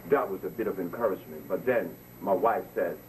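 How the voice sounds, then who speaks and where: Recorded from a distance with faint background noise, a low-voiced man speaks fairly quickly in an impassioned lecture. His delivery is preachy and emphatic, with words repeated for effect.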